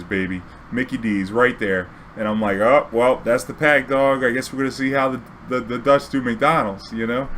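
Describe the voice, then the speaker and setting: A man's voice: mid-range voice, a little hiss or hum. Laid-back slangy New man. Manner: laid-back, slangy, animated when quoting himself. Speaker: streamer telling a story. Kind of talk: casual storytelling.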